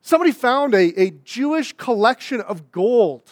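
A young adult pastor, preaching a sermon in a conversational, animated way, with asides and acted-out quotes. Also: male voice, extremely high pitch, moderate pace, no echo, studio quality.

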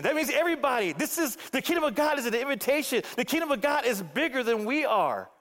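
A man preaching a sermon as a guest pastor from the Phoenix area, swinging between emphatic outbursts and hushed, low passages. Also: big pitch swings, a little fast. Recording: long hall reverb.

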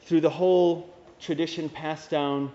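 A man's voice: a little high, steady tone, a little slow, mellow. A man, a Dominican priest, giving a homily in a casual, conversational way with wry asides. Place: church. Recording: dull reverberant church recording.

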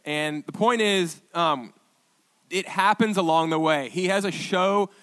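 A man preaching a sermon as pastor, telling stories in a chatty, halting way with restarts and quoted dialogue. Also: high-pitched, fairly bright tone. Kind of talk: conversational sermon storytelling.

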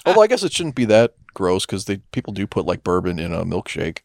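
A man co-hosting a casual movie commentary in a laid-back, deadpan, profane manner. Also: low voice, brisk, vocal fry, no room sound, clean studio sound. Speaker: podcast co-host.

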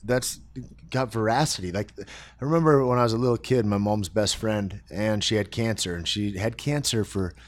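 A man's voice: fairly low pitch, normal speed, no room sound. A man as a podcast guest in casual conversation, telling stories and acting out the people in them. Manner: animated storyteller, acts out quoted people.

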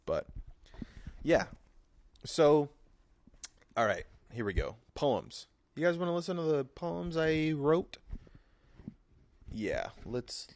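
A man's voice: on the low side, dry recording. A young man hosting a casual solo podcast who rambles, restarts, and swears freely. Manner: rambling and profane, with frequent restarts. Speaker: podcast host.

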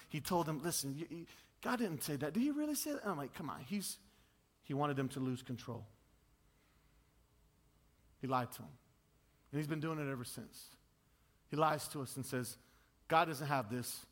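A man in his thirties preaching a sermon, swinging between loud, high bursts and low, quiet asides. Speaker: pastor.

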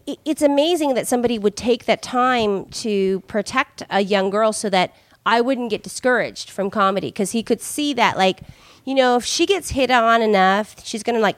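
A woman's voice: mid-range voice, dry recording. A woman comedian in casual podcast chat, rambling with many "like"s. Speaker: comedian guest.

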